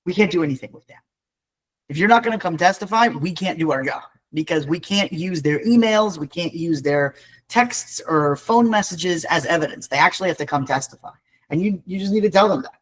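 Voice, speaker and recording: A man's voice: on the high side, animated, brisk, rough recording. A man, an eviction attorney, speaking on a video call in a blunt, wry, conversational way during a training webinar.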